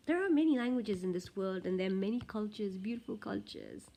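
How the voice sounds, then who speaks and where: A woman's voice: on the high side, very animated, a little fast, mellow. A woman from Nepal talking casually to camera as a vlogger, full of "like" and "you know", slipping between languages. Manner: chatty, heavy use of "like" and "you know"; switches between languages mid-sentence.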